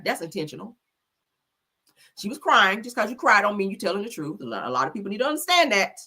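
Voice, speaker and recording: A woman host, giving profane, animated commentary, laughing often and mimicking people. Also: mid-range voice. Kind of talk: casual talk-show commentary.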